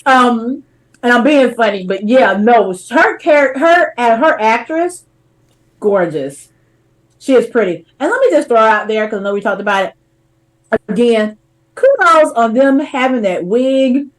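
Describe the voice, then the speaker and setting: A woman co-hosting a show in casual, chatty talk. She teases playfully and keeps things light. Her voice sits slightly high. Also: rough recording. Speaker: co-host. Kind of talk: casual chat.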